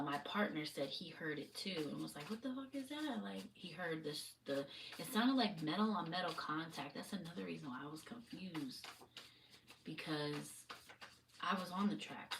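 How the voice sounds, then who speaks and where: A woman's voice: sits low, unhurried. A woman who gives spiritual readings, chatting loosely on a live stream, rambling and swearing casually. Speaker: spiritual reader on a livestream. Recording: distant mic with faint noise.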